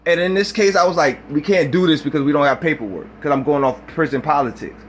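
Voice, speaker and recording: A man's voice: a little high, quick pace, slight background noise. A man recording a reaction video, ranting in a heated, profane way. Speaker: YouTuber.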